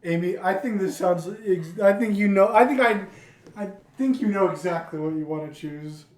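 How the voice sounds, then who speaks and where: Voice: medium pitch, moderate pace. A young podcast co-host chatting casually and jokily, acting out quoted lines. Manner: jokey, animated, acts out quoted voices. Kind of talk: casual chat. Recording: echoey room, distant from the mic.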